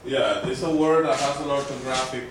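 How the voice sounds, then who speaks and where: A man teaching a language class, explaining slowly and patiently and repeating his words. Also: medium pitch, fairly even intonation, noisy background. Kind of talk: classroom lesson. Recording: very echoey room, mic far off.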